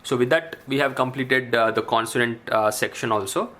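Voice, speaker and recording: A man teaching a language lesson, patiently repeating each syllable and pausing with frequent "uh"s. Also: medium pitch, sharp tone. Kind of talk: explaining a writing lesson.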